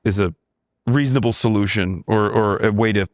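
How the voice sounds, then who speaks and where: A man who grew up in Turkey, talking as a podcast guest in a measured, thoughtful way. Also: lowish voice, dry recording, clean studio sound. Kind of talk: casual conversation.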